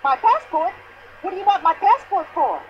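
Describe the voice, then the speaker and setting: An actress playing a pushy, indignant older American widow in a mystery video game, complaining at length in a shrill voice. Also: female voice, lively intonation, normal speed, dull audio, slight background noise. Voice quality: shrill, complaining, long-winded.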